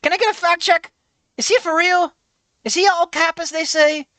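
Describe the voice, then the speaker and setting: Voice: fairly even intonation, normal speed, no echo. A streamer voicing a cheeky five-year-old boy reading lines from a game. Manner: sassy, high and loud.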